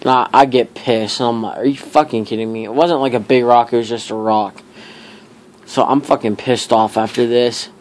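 A young man in casual vlog mode, spinning a rambling anecdote with a middle-pitched, ordinary voice. He leans heavily on filler words and drops swear words freely as he goes. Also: fairly even intonation, normal speed, slight background noise. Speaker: vlogger. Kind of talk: casual storytelling.

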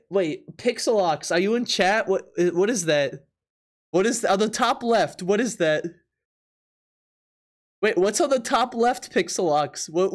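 A live-stream host reacting to drawings, laughing often and disbelieving, tripping over repeated words. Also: mid-range voice. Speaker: Twitch streamer.

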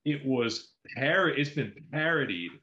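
A man's voice: medium pitch, lively intonation, a little slow, bright, forceful tone, echoey room, dull audio. A man co-hosting a film podcast, giving long, enthusiastic explanations in casual chat.

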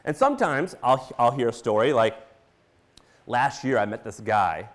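A man from Missouri giving a casual conference talk, animated and full of fillers, acting out his own reactions as he tells stories. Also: medium pitch, normal speed. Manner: animated, storytelling with quoted reactions and filler words. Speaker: conference speaker.

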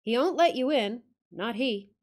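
A woman's voice: on the high side, expressive, measured pace, voice pushed up. A woman voicing a surly old male servant, growling curt answers. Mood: grumbling surly.

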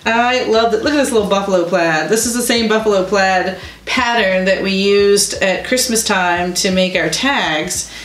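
A woman's voice: medium pitch, moderate pace, few pauses, a bit bright. A woman co-hosting a crafting video, chatting casually, laughing often and explaining each step. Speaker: co-host of a crafting channel. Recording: echoey room with faint music.

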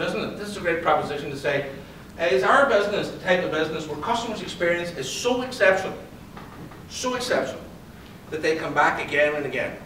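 A man with a slightly raised voice gives a lively motivational talk, mixing stories with questions for the room. His voice carries through a big echoing hall. He sounds a little distant from the microphone. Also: a little high, a little hiss or hum. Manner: lively storyteller, quizzes the audience. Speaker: conference speaker and psychologist. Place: event hall. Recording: roomy hall, distant pickup.

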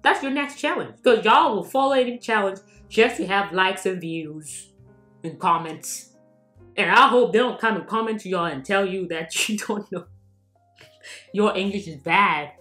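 South african woman vlogging, teasing and laughing a lot, bright voice, echoey room. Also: mid-range voice, moderate pace, soft background music. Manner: mocking, laughing often, switching between English and local languages. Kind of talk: casual commentary vlog.

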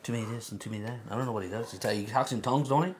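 A man co-hosting a joke-reading game, talking casually and hesitantly and trailing off into quick remarks. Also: mid-range voice, darkish tone, a little hiss or hum. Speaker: co-host.

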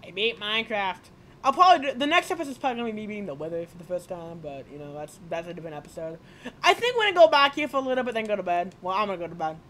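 A woman's voice: medium pitch, animated, rapid-fire, a bit bright, a little hiss or hum. A woman with a lisp doing rambling, profane let's play commentary, often yelping and shrieking. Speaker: gaming video creator.

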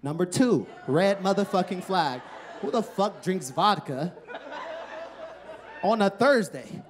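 With a high-pitched voice, lively intonation and a slow pace, a comedian in his thirties performs on a club stage with a handheld mic, and slight background noise can be heard. His set is loose and profane as he chats with the crowd and laughs at his own jokes.

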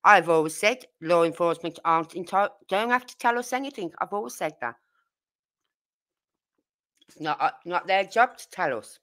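A woman's voice: fairly low pitch, expressive, normal speed, long pauses, a bit bright. A woman from Birmingham with a Brummie accent, hosting a true crime livestream and talking bluntly and indignantly straight to her viewers. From Birmingham, England. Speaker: true crime channel host. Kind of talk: casual livestream chat.

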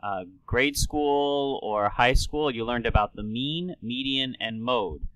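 A man co-hosting a podcast, a doctor explaining things in a measured, lightly joking way. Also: mid-range voice, a bit bright, smooth, no echo, dull audio. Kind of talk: casual podcast chat.

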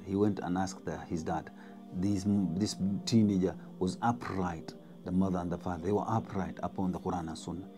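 A man's voice: sits low, fairly even intonation, moderate pace, over music. A man telling a spooky story in a dramatic way, repeating words and dropping to whispers. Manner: dramatic, repetitive, drops to whispers. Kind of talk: spoken storytelling.

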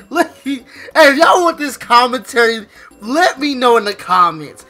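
Playful male let's-play host, slangy and animated, bright timbre. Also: very high-pitched, a little slow, faint music behind. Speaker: gaming YouTuber.

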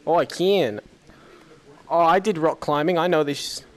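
A man's voice: a little high, measured pace. A young man chatting casually and goofily while playing a game with a friend. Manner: goofy, laughing, playful banter. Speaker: gamer. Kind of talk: casual gameplay chat.

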